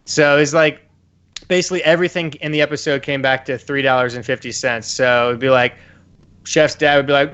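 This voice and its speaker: A man's voice: mid-range voice, fairly even intonation, fairly quick, a bit bright, clear, resonant tone, dull audio. A man chatting casually as a podcast guest, laughing now and then as he talks. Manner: chatty, laughs while talking. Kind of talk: casual chat.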